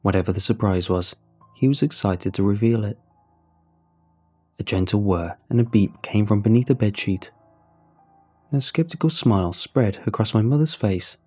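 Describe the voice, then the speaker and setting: Deep husky guy reading a creepy story, slow and somber, soft music behind. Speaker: horror story narrator. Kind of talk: scripted narration. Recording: faint music under the narration.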